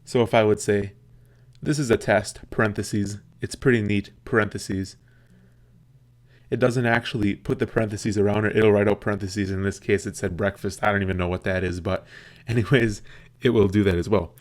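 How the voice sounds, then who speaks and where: A young man casually explaining a tutorial step by step, slowing down when he dictates punctuation aloud. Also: on the low side, fairly even intonation. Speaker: tech video host. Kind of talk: screen tutorial with dictation demo.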